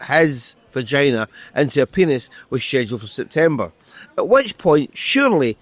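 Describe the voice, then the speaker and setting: A middle-aged author reading from his novel and chatting as a guest, wry and quick to correct himself, recorded outdoors by a street. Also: a little high, no echo. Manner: dry, wry and self-correcting. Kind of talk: reading aloud from a novel, then casual conversation.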